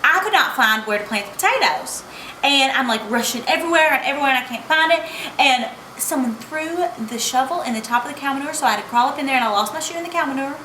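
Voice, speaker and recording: High, bright, and forceful, her voice races along animatedly as the young American vlogger gushes through a casual travel storytime. "Like" and "oh my gosh" come up constantly. There's an echo in the room and a faint hum of background noise.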